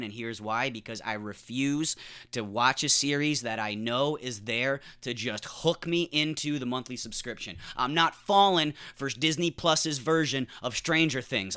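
A man's voice: medium pitch, normal speed, sharp tone, smooth. A man hosting a podcast, ranting casually with sarcastic, profane humor. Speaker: podcast host. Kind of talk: casual comedic rant.

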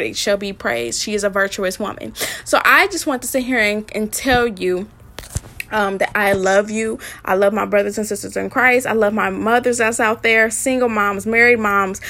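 A woman speaking earnestly in a casual devotional talk, repeating herself and pausing on ums. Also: mid-range voice, a bit bright. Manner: earnest, repetitive, many ums and restarts. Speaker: online faith speaker and small business owner.

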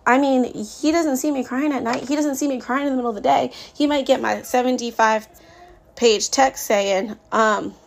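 A woman's voice: high voice, fairly even intonation, normal speed, creaky, a little hiss or hum. A woman in her thirties hosting a podcast, talking candidly and venting about her days as a mother, with frequent laughs. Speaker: podcast host. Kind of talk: casual podcast monologue.

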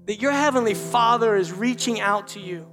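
High-voiced guy preaching a sunday sermon, goes quiet then loud, faint music under it. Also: moderate pace. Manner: swings between hushed and loud, addresses the congregation as church. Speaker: pastor.

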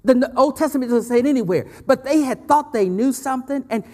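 A man preaching a lively sermon as pastor, repeating phrases and laughing often. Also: extremely high pitch, fast. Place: church. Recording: church hall with long reverb.

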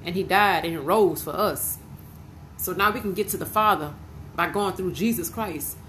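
A woman's voice: on the low side, normal speed, fairly bright tone, a little hiss or hum, poor audio. A woman preaching an informal podcast sermon, fervent and emotional, repeating her praise.

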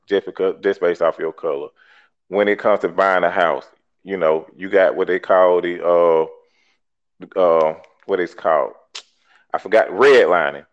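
A talk show host, arguing emphatically and bluntly, swearing and repeating himself to make his point. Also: low-pitched. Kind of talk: heated call-in debate. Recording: dull lo-fi podcast audio.

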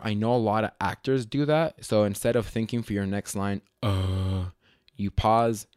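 A man's voice: on the low side, a little mellow, no room sound. Man, podcast host, casual solo chat, rambling, lots of ums, dry close sound. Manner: rambling, self-correcting, lots of fillers.

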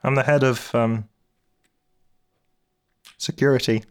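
A man voicing a perfectly round, bald, unblinking male security chief in a tabletop role-play, speaking slowly and flatly. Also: medium pitch, clear, resonant tone, pitched above the performer's own voice, lightly acted. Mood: deadpan. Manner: slow, flat, eerily polite.

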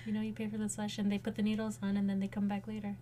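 A woman's voice: mid-range voice, completely flat delivery, very fast, dark tone, slight background noise. A woman co-hosting a podcast, chatting casually and laughing often. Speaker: podcast co-host. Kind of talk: casual chat.

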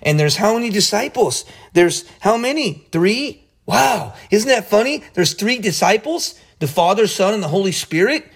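A man giving an excited, casual Bible study talk, often laughing and restarting his sentences. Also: high-pitched, normal speed, vocal fry, hardly any pauses, breathy edge. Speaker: Bible teacher.

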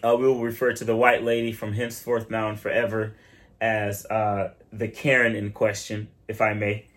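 A man's voice: lowish voice, normal speed. A man from Michigan co-hosting a podcast, chatting casually and telling stories in quoted voices. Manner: animated storytelling with quoted voices. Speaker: podcast co-host. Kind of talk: casual chat.

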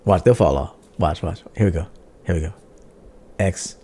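A man's voice: low-pitched, normal speed, dark tone, slightly rough. A man hosting a livestream dating-advice show in a brash, profane, joking manner, reading out viewer donations. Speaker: podcast host and dating coach. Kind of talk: casual livestream monologue.

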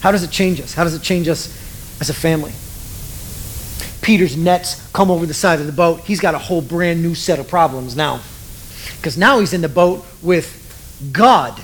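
A man's voice: on the high side, normal speed, long pauses, a little hiss or hum. A middle-aged man preaching a sermon in a casual, joking way, acting out the voices of the people he quotes. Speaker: pastor.

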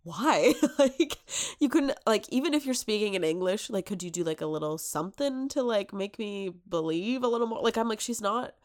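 Animated woman, chatty and exasperated. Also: medium pitch, brisk, hardly any pauses. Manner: chatty, animated, rhetorical questions. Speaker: podcast co-host. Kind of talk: casual chat.

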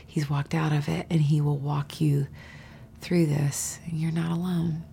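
Woman guest, lowish and gravelly, earnest and confiding, slips into whispers. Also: little pitch movement, measured pace, slight background noise. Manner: earnest, drops to a soft whisper for emphasis. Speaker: podcast guest. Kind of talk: heartfelt conversational sharing.

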